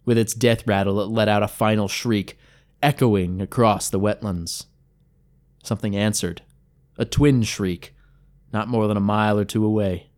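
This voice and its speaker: A man reading a dark fantasy story aloud, vivid and wry, with crude asides. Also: on the low side, steady tone, moderate pace. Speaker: storyteller narrating a game recap. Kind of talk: dramatic fantasy story narration.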